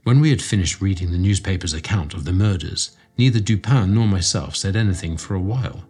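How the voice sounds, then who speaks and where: Male audiobook narrator for a mystery tale; low, husky voice, measured and dramatic delivery. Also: darkish tone. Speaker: audiobook reader. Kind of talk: scripted storybook narration.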